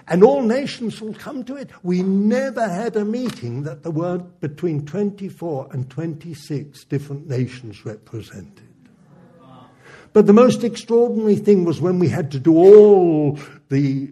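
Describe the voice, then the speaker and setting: A man preaching with a very husky, hoarse-edged voice. His pitch sits a little high and swings widely as he tells his story. He chuckles often, and the tone is dark and mellow. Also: animated, moderate pace. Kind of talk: sermon testimony storytelling.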